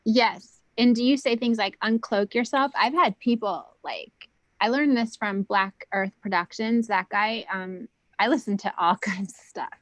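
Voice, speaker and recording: A woman chatting as a guest on a video call, rambling with lots of "like" and "um" and at times dropping her voice to a hush. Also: mid-range voice, measured pace, no echo, low-quality recording. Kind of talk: casual video call chat.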